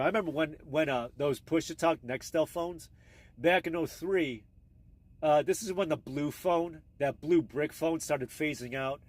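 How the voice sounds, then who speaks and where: A man's voice: fairly high pitch, darkish tone. A man rambling casually and crudely on a live stream, talking into his phone. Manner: crude, meandering, offhand.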